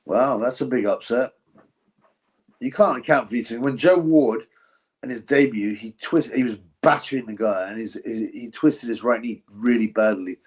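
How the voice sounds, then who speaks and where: A man hosting a live stream, giving blunt, ranting commentary on a boxing event and reading out viewer donations. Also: medium pitch. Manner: blunt, ranting, chuckling asides; reads viewer donations aloud. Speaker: livestream host.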